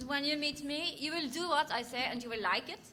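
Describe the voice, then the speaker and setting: A woman's voice: high voice, fairly quick, natural voice. Woman doing Photo Finish, haughty and thick-accented. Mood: imperious. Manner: thick put-on foreign accent, imperious. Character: bossy haughty female fashion photographer pony. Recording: crowd and noise at a convention panel.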